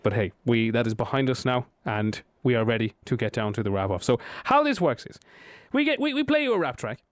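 A man's voice: mid-range voice, sing-song, fairly quick, no room sound. A young man with an Irish accent hosting a radio show, chatty, playful and self-deprecating. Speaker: radio host. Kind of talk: casual radio chat. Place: radio studio. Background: faint music bed.

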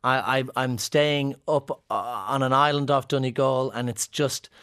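Irish guy, comedian, chatty and joking, middle pitch voice. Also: fairly even intonation, measured pace, fairly bright tone, clear, resonant tone. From Ireland. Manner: playful anecdotal storytelling. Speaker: comedian guest. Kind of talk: casual interview chat.

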